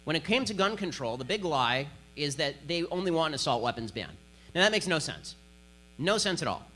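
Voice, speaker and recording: A man makes his case in a political speech, sarcastic and hard-hitting. His voice is bright and forceful, sitting slightly above the usual male pitch. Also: big pitch swings, fairly quick. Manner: combative, sarcastic, emphatic. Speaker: conservative speaker.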